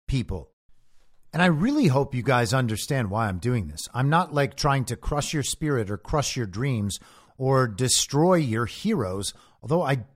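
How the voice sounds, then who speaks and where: A man hosting a podcast, delivering a sarcastic political commentary monologue. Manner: animated and sarcastic, with lively shifts in pitch. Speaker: podcast host.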